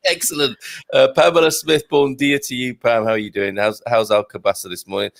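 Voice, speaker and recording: A man's voice: mid-range voice, fairly even intonation, brisk, gravelly. A middle-aged man hosting a casual live stream, joking and reading out viewer comments. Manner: jokey, reads out viewer comments. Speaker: show host.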